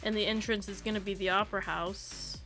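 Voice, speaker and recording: A woman's voice: medium pitch, fairly even intonation, a little fast, fairly bright tone, faint music behind. A young woman live-streaming a building game, chatting casually and giggling often.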